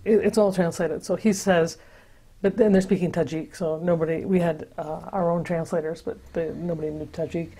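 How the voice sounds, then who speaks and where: A woman's voice: on the low side, fairly even intonation, normal speed, mellow. An older woman recounting memories in an oral history interview, telling her story with many restarts and fillers. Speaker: interviewee, sister-city project founder.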